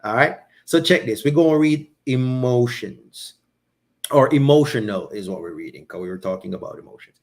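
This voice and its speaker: A man hosting a podcast in a casual monologue, animated and repeating phrases for emphasis. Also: mid-range voice, moderate pace. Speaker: podcast host.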